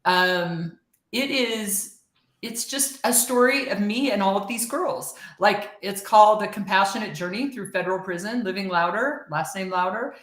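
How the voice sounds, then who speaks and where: A woman's voice: medium pitch, normal speed. A woman guest telling a story in casual chat, acting out quoted lines and laughing often. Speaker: podcast guest. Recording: echoey room.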